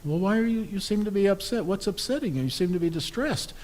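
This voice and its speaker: A preacher voicing an elderly wife gently questioning her dying husband in a joke. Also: high voice, lively intonation, fast talker, voice pushed up. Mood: concerned. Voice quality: gentle, concerned. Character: worried elderly wife at a deathbed.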